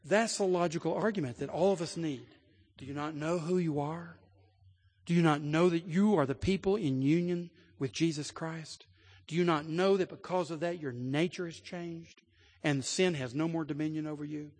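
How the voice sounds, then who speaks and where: A man's voice: on the high side, normal speed, a little mellow, in a large hall. A man preaching a sermon, telling a vivid illustration and building to emphatic, declarative peaks. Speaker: pastor.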